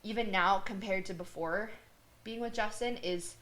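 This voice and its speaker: A woman's voice: medium pitch, normal speed, a bit bright. A woman hosting a podcast, speaking reflectively in a casual conversation. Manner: reflective, conversational, laughs between thoughts. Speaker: podcast host.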